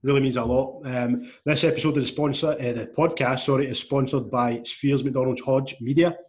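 A man's voice: medium pitch, steady tone, normal speed, darkish tone. Brief: male podcast host, easygoing friendly chatter on a call. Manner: friendly, chatty, says "mate" often. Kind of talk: casual podcast chat.

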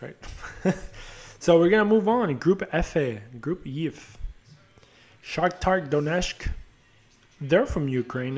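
A young man's voice, a little high and darkish in tone, hosts a casual soccer podcast. He rambles and jokes, swearing and teasing himself as he goes.

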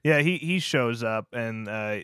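A man's voice: medium pitch, expressive, measured pace, a bit bright. A man co-hosting a casual film review podcast, talking loosely and swearing freely. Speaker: podcast co-host.

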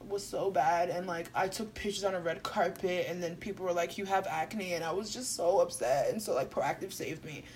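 A pampered young celebrity woman whines about her troubles in a soft, drawn-out valley-girl tone, as a woman mocks her. The voice sits low and hushed. Faint room ambience runs underneath. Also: a little hiss or hum, lightly acted, low-quality recording. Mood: self-pitying.

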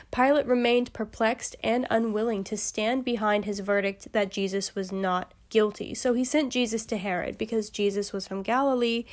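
A woman hosting a Bible study podcast, reading passages steadily and breaking into chatty, amused asides. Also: on the high side.

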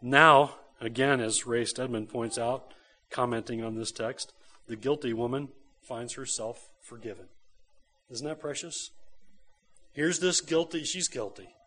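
A man's voice: mid-range voice, measured pace, bright, forceful tone. A man giving a sermon as a pastor. He is emphatic, repeats his points and keeps asking his listeners rhetorical questions.

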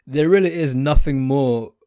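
A man's voice: mid-range voice, normal speed, warm tone, no room sound. Brief: young British man, sarcastic rant, rambling and blunt, dry close sound. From United Kingdom. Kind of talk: opinionated monologue.

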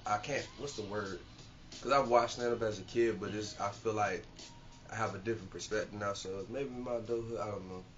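A man's voice: lowish voice, brisk. A man co-hosting a podcast in casual, profane chat, musing aloud in a laid-back way. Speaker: podcast co-host. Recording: dull lo-fi sound with faint music.

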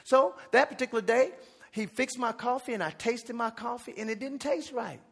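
A man pastor telling a comic story in a sermon, animated and shouting at the high points. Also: moderate pace, creaky, breathy edge.

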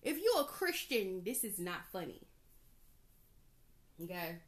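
A woman in her thirties from Georgia hosting a casual solo podcast, chatty and animated, laughing often. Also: medium pitch, unhurried. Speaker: podcast host.

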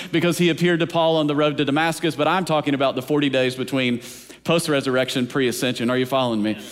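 A man delivers a sermon as pastor in a church sanctuary, his voice sitting fairly high for a man. He preaches in rhythmic runs and keeps checking that the congregation is following. The sound carries the long reverb of a large hall. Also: fairly bright tone.

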